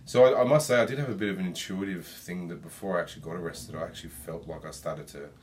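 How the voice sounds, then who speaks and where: A man's voice: low voice, quick pace, a little mellow. A young man talking as a podcast guest in casual chat, hesitant with many ums and restarts.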